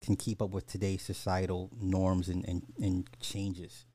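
Blunt, slangy low-voiced male podcaster. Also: monotone, unhurried, mellow, no echo. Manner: blunt, slangy, swears freely, opinionated. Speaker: podcast host. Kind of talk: casual social commentary.

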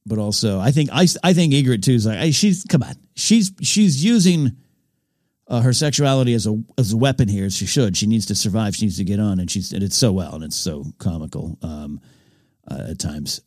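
A man with a fairly low voice talks through a show episode as a podcast host. He is eager and rambling, circling back on his words. The sound is dry and close. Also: animated, a little fast, a little mellow, no room sound. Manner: enthusiastic, rambling, with frequent restarts. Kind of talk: casual episode recap commentary.

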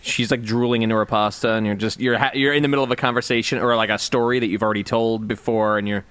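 A man's voice: fairly low pitch, fairly even intonation, fast talker, fairly bright tone, smooth, dry recording. A young man co-hosting a podcast, chatting casually and joking in a rambling, profane way. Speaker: podcast co-host.

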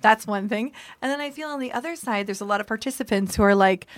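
Expressive woman co-hosting a podcast. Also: fairly high pitch, very fast, few pauses, no echo. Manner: expressive, acts out quotes, laughs easily. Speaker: podcast co-host. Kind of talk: casual podcast chat.

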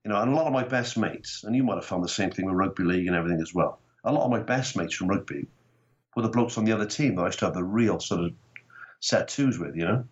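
A Welsh man telling rugby and comedy stories in casual chat, animated and swearing freely. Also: deep voice, fast talker, highs cut off. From Wales. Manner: animated storytelling, swearing, acting out quotes. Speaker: guest comedian.

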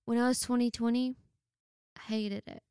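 A young woman co-hosting a podcast, chatting casually and rambling with lots of fillers and quick laughs. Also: on the high side, level tone, darkish tone, clean tone, no room sound, studio quality. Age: young adult. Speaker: podcast co-host. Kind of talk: casual chat.

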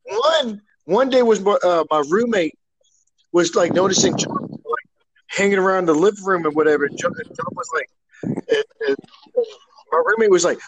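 A man chatting casually, halting and restarting as he talks. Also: high voice, wildly swooping pitch, slight background noise, low-quality recording. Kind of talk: casual chat.

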